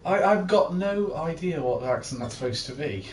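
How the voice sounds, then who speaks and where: A man's voice: fairly high pitch, animated, normal speed. A man playing a game with a friend, joking crudely and sarcastically in casual banter. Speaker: let's play player. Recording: roomy, distant mic.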